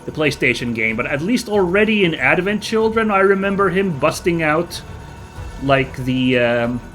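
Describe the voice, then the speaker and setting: A man hosting a let's play, chatting casually and reacting out loud to the action as he plays. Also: a little high, moderate pace, soft background music. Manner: chatty, excitable, reacts aloud to gameplay. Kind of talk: casual gameplay commentary.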